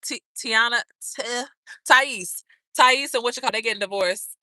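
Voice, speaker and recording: A woman's voice: a little high, unhurried, bright, forceful tone, dry recording. A woman hosting a live stream, chatting casually with viewers in a brash, profane, gossipy way and calling them girl, baby and honey.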